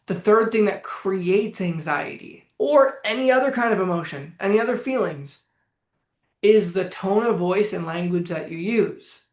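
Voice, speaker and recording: A man's voice: high voice, measured pace. A man coaching on anxiety in a live-streamed talk, blunt, emphatic and full of swearing. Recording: echoey room.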